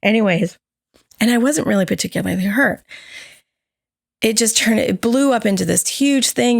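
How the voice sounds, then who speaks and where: A woman's voice: medium pitch, normal speed, vocal fry, no room sound, clean studio sound. A woman co-hosting a podcast, candidly telling a personal story and acting out the voices of others in it. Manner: candid, animated, acts out quoted dialogue. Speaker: podcast co-host.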